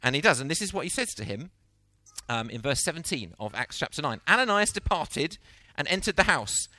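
A middle-aged man preaching a sermon, telling the story with lively acted-out voices. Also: a little high, a little fast, no echo. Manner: animated storytelling, acting out quotes.

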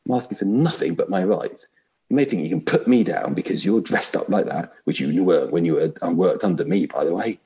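A man's voice: low-pitched, lively intonation, a little fast, warm tone, highs cut off. A man reading aloud and voicing a big, aggrieved male ghost who insists on his rights. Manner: indignant, complaining.

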